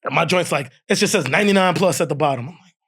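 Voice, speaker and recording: A man appears as a podcast guest, telling a funny story in casual talk. He speaks quickly in a husky voice that's on the high side, animated, laughing often and acting out what others said.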